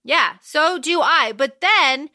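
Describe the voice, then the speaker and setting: A woman co-hosting a podcast, recapping a book in animated, casual chat full of "like" and "um", and swearing freely. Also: sits high, slow, no room sound. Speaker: podcast co-host.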